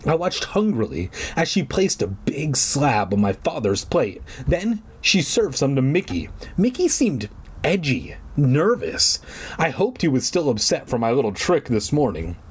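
Husky man reading a storybook aloud. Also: mid-range voice, very animated, measured pace. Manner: irreverent, joking asides. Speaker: reader. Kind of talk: comedic storybook reading with asides.

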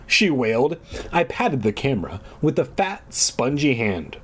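A man's voice: mid-range voice, very animated, measured pace, a bit bright, husky. Irreverent man reading aloud with asides. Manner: irreverent, swearing asides, drinking while reading. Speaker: comedic reader. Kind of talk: comedic reading of a children's book with asides.

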